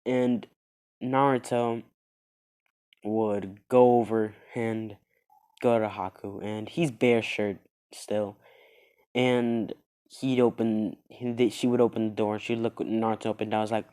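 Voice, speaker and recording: A man telling an improvised fan story in a meandering, halting way, full of fillers and restarts. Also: lowish voice, level tone, warm tone, clean tone.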